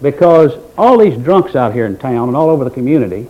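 A man preaching a sermon in a folksy, dramatic manner, with mocking asides in a quiet voice. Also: medium pitch, sing-song, a little fast. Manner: folksy Southern-style preaching with dramatic swings in volume. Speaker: pastor. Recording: dull lo-fi recording.

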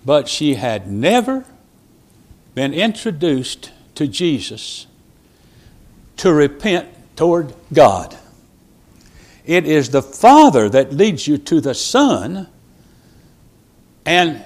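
A man preaching a sermon as a traveling preacher, telling stories with quoted dialogue and sudden loud rises and soft drops. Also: medium pitch, very animated, unhurried, long pauses.

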